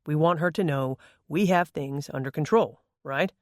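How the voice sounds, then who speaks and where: Firm, fatherly middle-aged man, deep baritone, read by the narrator. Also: normal speed, no room sound, studio quality, close to an everyday voice.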